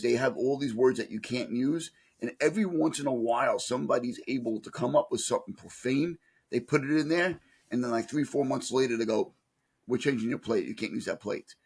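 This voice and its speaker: A man's voice: medium pitch, creaky, husky. A man co-hosting a podcast, talking in an easygoing, rambling way. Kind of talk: casual podcast chat.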